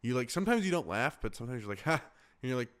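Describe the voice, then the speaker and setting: A young man hosting a podcast, chatting casually in halting phrases with lots of "like.". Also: medium pitch, very animated. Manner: halting, filler-heavy, many "like"s. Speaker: podcast host. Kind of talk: casual chat.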